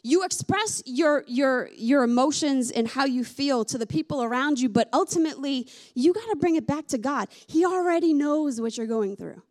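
A woman's voice: sits high, animated, moderate pace, hardly any pauses, a little mellow. A woman preaching a sermon in a candid, conversational way. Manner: conversational, candid, with many fillers like "like". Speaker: pastor.

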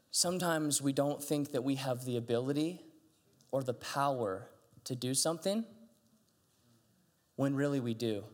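A man, a pastor, giving a chatty, conversational sermon, telling stories animatedly with frequent restarts. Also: medium pitch. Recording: long hall reverb.

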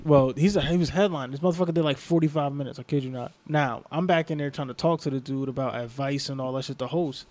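A man's voice: mid-range voice, fast, hardly any pauses. A young man, a comedian, telling a story in casual podcast chat and acting out the people in it. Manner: animated storyteller, acts out quoted people.

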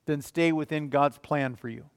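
Man preaching, high voice, emphatic, loud then soft, long hall reverb. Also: moderate pace, clean tone. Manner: emphatic, rising and falling in volume. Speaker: pastor. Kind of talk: sermon.

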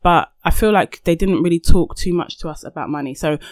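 A man's voice: a little high, brisk, no room sound. A man co-hosting a casual podcast discussion, talking reflectively with restarts and asides. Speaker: podcast co-host.

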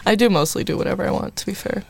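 A woman's voice: medium pitch, rapid-fire, vocal fry, breathy edge. A young woman hosting a college radio show, chatting casually, laughing often and mocking herself. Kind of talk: casual chat.

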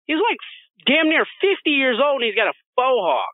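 A man's voice: extremely high pitch, very animated, moderate pace, no room sound. A man co-hosting a podcast, telling a story in casual, profane chat with frequent laughter. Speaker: podcast co-host. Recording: dry, phone-like narrow sound.

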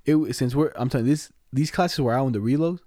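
A man's voice: mid-range voice, fast, mellow, no echo, clean studio sound. A young man rambling through school memories in casual, slangy chat. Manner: slangy, rambling, laughs often.

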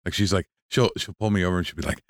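Hoarse, very deep-voiced man. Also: racing, no room sound. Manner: dry, self-mocking humor. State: hoarse, voice nearly gone. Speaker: podcast co-host. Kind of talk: casual joking chat.

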